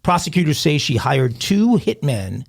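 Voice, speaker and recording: A man's voice: fairly high pitch, very animated, normal speed, gravelly, breathy edge. A man co-hosting a crime podcast, reading news stories aloud and adding jokey asides. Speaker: podcast co-host.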